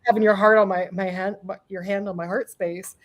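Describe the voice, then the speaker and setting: A woman's voice: medium pitch, fairly even intonation, brisk, dull audio. A middle-aged woman, a medium and guest, telling a personal story in a casual interview. She laughs often, swears offhandedly and acts out quotes.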